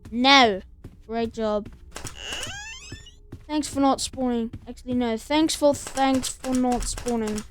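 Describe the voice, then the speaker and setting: High-voiced casual gameplay commentator. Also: female voice, slow pace, pauses often, a little mellow, soft background music. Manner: chatty, talks to the game's monsters and counts doors aloud. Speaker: gameplay streamer. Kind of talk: casual let's-play commentary.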